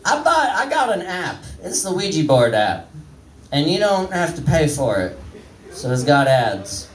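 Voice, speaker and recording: With big swings in his fairly high pitch and a measured pace, a thirtysomething comic works the crowd with crude, rambling, self-mocking material. The comedy club room echoes, and his voice comes from far off.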